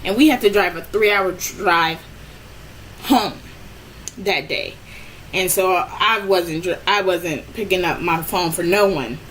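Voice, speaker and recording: A woman telling a personal story in a casual storytime vlog, animated and rambling with many restarts, her voice jumping up when she relives the frustration. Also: on the low side, slow, slight background noise, low-quality recording. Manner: rambling with frequent restarts and "I'm like".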